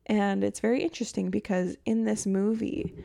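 Young woman, podcast host, dark gravelly tone, casual and emotional true crime retelling into a mic. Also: medium pitch, steady tone, normal speed. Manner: chatty, emotional retelling with fillers. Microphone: podcast microphone.

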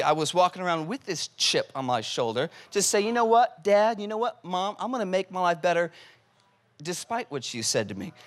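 A man's voice: on the high side, a bit bright. A man preaching a sermon in a loose, conversational way, acting out text messages and his own reactions as he tells a story. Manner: loose, conversational delivery with many filler "like"s. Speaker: pastor.

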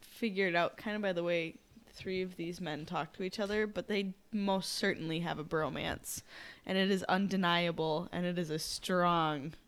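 Teasing young woman with a low voice. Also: fairly even intonation, smooth. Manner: teasing, quick quips, laughs. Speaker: podcast co-host. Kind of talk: casual chat.

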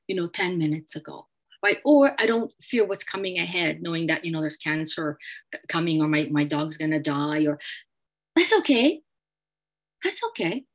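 A woman's voice: medium pitch, slightly rough. A woman giving an earnest personal share at a recovery meeting, often repeating and restarting her phrases.

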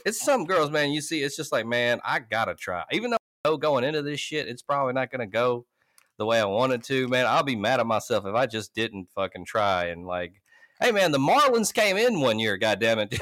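Male podcast co-host, bright and animated, laughs a lot, dry close mic. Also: mid-range voice, brisk, no room sound. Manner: animated, laughing, loud quoting bursts. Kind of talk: casual profane storytelling.

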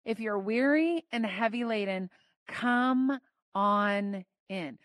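A young adult woman hosting a devotional podcast, teaching earnestly and emphatically, dropping soft and then rising to exclaim. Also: mid-range voice, slow, no room sound. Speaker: podcast host and Bible teacher.

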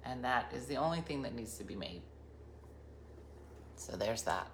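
A woman's voice: rumbling low, lively intonation, moderate pace, a little hiss or hum. A woman host telling a rambling, jokey story in casual chat. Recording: roomy echo with faint ambience.

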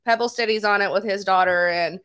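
A woman's voice: mid-range voice, a little fast, a bit bright, smooth. A woman co-hosting a casual chat show, chatty and giggly. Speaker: co-host.

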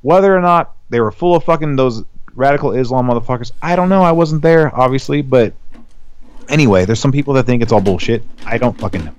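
A man's voice: medium pitch, fast talker, smooth, no echo. A young adult man on a podcast, talking in a profane, heated rant. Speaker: podcast co-host. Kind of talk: casual chat. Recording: dull lo-fi sound.

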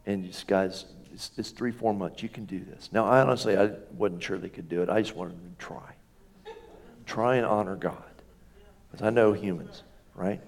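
A man's voice: deep voice, normal speed, vocal fry. A man preaching as a pastor in a conversational storytelling sermon, folksy, with self-deprecating humor and rhetorical questions.

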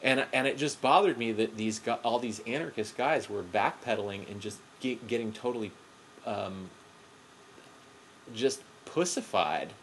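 A man's voice: lowish voice, unhurried, fairly bright tone, slight background noise, rough recording. A man co-hosting a casual chat, telling a story in a rambling way and swearing freely, recorded at home. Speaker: podcast co-host. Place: home room with cats around.

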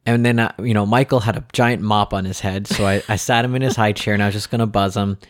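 A man co-hosting a podcast, telling stories in a lively casual chat and putting on kids' voices. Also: fairly low pitch, fast, dry recording. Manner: animated storyteller, puts on kids' voices. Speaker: podcast co-host.

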